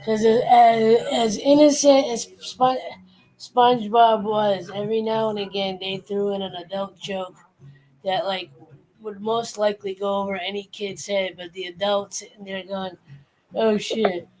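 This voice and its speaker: A woman's voice: medium pitch, level tone, unhurried, dark tone, rough recording. A woman on a casual live stream, telling stories animatedly and acting out cartoon lines.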